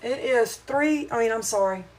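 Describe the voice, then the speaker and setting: On a rough recording, a fairly high-pitched woman speaks at normal speed during a casual cooking livestream from her home kitchen. She's middle-aged, from the Southern United States, with a homey, rambling style and a small hay-fever wheeze.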